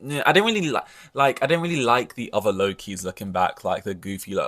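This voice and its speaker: A man's voice: on the low side, fast, hardly any pauses, a bit bright. A man hosting a podcast in loose, rambling casual chat, full of "like" and the odd swear word. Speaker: podcast host.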